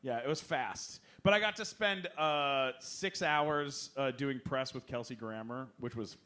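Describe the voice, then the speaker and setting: A young man on a comedy podcast telling stories with lively acted-out quotes. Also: medium pitch, a little slow. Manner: animated, acts out quotes with big voice swings. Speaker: guest comedian. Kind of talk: casual storytelling.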